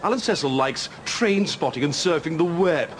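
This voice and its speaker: A man's voice: fairly high pitch, lively intonation, normal speed, noisy background, close to an everyday voice. An English man playing a pompous, self-important male hobby obsessive in a comedy sketch, lecturing and ranting.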